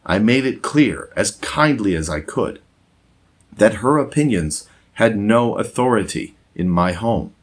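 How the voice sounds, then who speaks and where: A man reading a moralizing essay aloud in a measured, deliberate scripted narration. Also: fairly low pitch, animated. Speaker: essayist and former English teacher.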